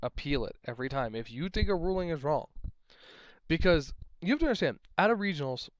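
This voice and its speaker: Young adult male, judge type, loose exasperated rambler; slightly high, smooth voice, dry close sound. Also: sing-song, a little fast, dry recording, highs cut off. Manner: rambling, exasperated, repeats himself. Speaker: tournament judge. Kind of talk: casual advice vlog.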